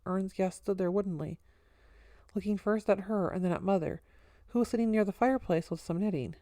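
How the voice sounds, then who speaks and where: A woman narrating a story in an even, wry storytelling manner. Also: medium pitch, fairly quick, no echo. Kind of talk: audiobook narration.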